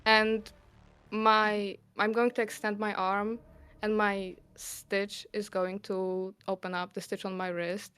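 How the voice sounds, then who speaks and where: A woman playing a tabletop game who gets excited, swears and laughs often. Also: mid-range voice, slow pace, clear, resonant tone. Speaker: player. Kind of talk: casual tabletop play.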